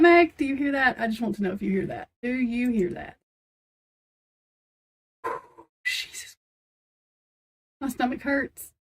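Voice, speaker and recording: Giggly, flustered high-voiced woman. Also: a little mellow. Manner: giggly and flustered, laughing between lines; talks straight to viewers and chat. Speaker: tarot reader on a live stream. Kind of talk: casual live-stream chat with viewers.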